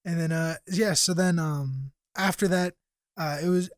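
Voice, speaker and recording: Chatting casually as a podcast co-host, a young man recounts a story with lively energy, swearing freely and voicing others' quotes. He speaks at a measured pace in a slightly high voice, with no room sound in the recording.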